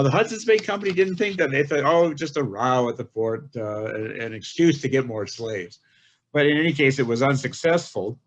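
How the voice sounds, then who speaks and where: An older man giving a webinar talk from home, explaining carefully with many pauses and fillers. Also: mid-range voice. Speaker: guest speaker. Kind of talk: webinar lecture. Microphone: home computer mic on a video call. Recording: dull lo-fi call audio.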